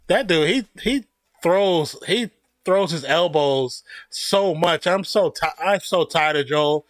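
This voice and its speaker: A man's voice: fairly high pitch, slow pace, no echo. A man streaming casual play-by-play of a basketball game, opinionated and jokey, laughing at his own remarks. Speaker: streamer giving play-by-play at a live watch party. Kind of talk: casual fan play-by-play commentary.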